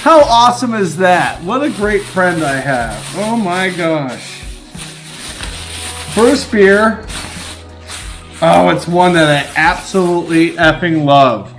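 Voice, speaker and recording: A middle-aged man talks through a casual unboxing vlog, often breaking into excited exclamations. His voice sits a little high for a man, and he speaks in a slow, drawn-out way. Faint guitar music plays behind him. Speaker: vlogger.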